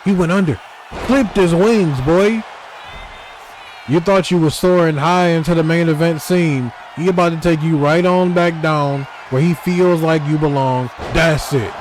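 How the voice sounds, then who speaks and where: A man giving excitable, trash-talking play-by-play commentary over a wrestling video game, talking straight to the wrestlers. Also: fairly high pitch, measured pace, slight background noise.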